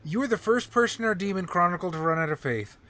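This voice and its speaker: A man chatting during an online tabletop game session, animated and joking, swearing freely and tired from no sleep. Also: high voice, fast. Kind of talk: casual game chat with friends.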